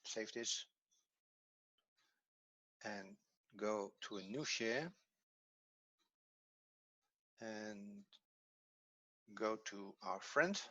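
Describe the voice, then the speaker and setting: A teacher quietly narrating what he does on screen, muttering slowly to himself. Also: fairly low pitch, dull audio.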